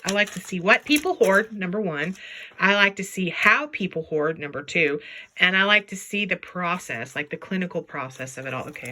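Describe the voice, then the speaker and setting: Bright, chatty lady sorting jewelry, voice bouncing all over, talks to her stuff in goofy voices. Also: on the low side, a little hiss or hum. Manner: chatty and playful, talks to objects in silly voices. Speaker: jewelry reseller vlogger. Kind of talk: casual chat while sorting jewelry.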